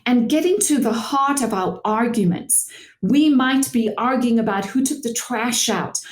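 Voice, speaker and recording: Higher-pitched woman counselor in an echoey room. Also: a little slow. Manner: earnest, acts out quoted people in anecdotes. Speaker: marriage counselor guest. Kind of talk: interview storytelling.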